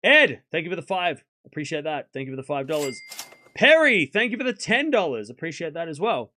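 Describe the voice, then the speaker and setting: A man's voice: fairly high pitch, very animated, fairly quick, pushed and bright, slight background noise. A man hosting a live tennis watchalong stream, calling points in chatty play-by-play, thanking donors and laughing often. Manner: chatty play-by-play, reads out donations.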